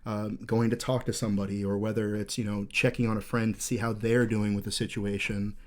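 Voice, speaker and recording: A podcast host in his thirties speaks fairly quickly in a low-ish voice with little pitch movement. Telling a story casually, he's intense and earnest, rambling with fillers and swearing in nearly every sentence.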